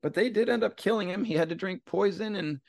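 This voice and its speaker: A man's voice: high voice, quick pace, creaky, a little mellow, no echo, studio quality. A man hosting a podcast, retelling a story in a casual, slangy way and acting out quotes as he goes. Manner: slangy, conversational, acts out quotes. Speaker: podcast host.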